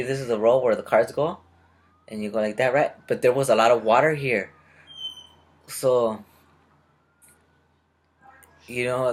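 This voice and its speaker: Young man, vlogger, rambling anecdote, lots of "you know" and backtracking, mid-pitched. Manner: chatty and restless, full of fillers and self-corrections. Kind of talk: rambling personal storytelling to camera.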